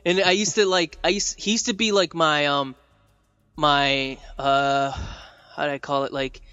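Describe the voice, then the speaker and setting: A man's voice: on the high side, little pitch movement, a little slow, bright, forceful tone, clear, resonant tone, muffled recording, faint music behind. A man co-hosting a podcast in casual chat, rambling with many fillers and laughing often. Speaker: podcast co-host and dinosaur artist.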